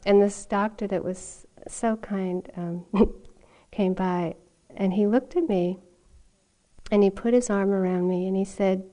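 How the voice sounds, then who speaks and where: Middle-aged woman teaching meditation; warm, relaxed voice, chatty storytelling with soft laughs. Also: mid-range voice, normal speed, creaky. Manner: conversational storytelling with frequent "you know" and soft laughs. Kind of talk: dharma talk. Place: meditation retreat hall.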